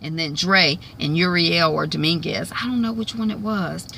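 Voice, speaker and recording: A woman's voice: lowish voice, normal speed, creaky, pushed and bright, slight background noise. Chatty woman recapping a TV episode. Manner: chatty, many fillers, quotes characters in put-on voices. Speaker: TV recap vlogger.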